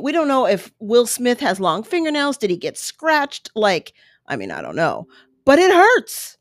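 A woman's voice: on the high side, no echo, clean studio sound. A woman commenting earnestly on a video clip for her viewers, emotional and apologetic in her asides. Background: baby making noises.

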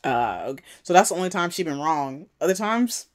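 Lady podcast cohost recapping an episode, lively, acts out the lines. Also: deep voice. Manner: animated retelling with quick character voices and laughs. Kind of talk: casual chat.

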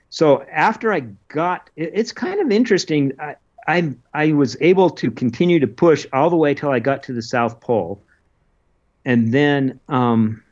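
A man telling the story of his expedition in an interview, earnest and halting, with many restarts. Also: mid-range voice, muffled recording. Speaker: interview guest, polar adventurer. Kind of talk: casual recounting of an expedition.

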